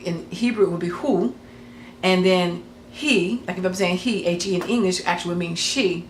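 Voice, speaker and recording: A woman explaining casually to camera in a rambling, hesitant way, with many ums and self-corrections. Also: lowish voice. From United States. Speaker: craft channel host. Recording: echoey room with faint noise.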